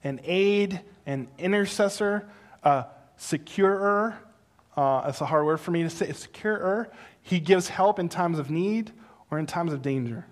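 Fairly high-voiced man preaching. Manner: animated storytelling that builds to loud, high exclamations; slow, soft and earnest when teaching. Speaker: pastor. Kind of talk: sermon.

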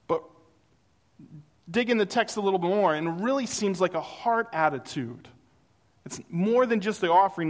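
Man preaching in a reverberant hall. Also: sits high. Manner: conversational, animated storytelling with acted-out quotes. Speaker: pastor. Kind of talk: sermon with personal stories.

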